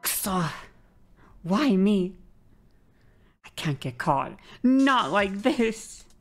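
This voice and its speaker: A woman's voice: mid-range voice, sing-song, extremely slow, soft background music, voice pushed up, exaggerated voice. A woman voicing a guilty male criminal who panics and schemes to frame someone, in a sneaky tone. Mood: scheming.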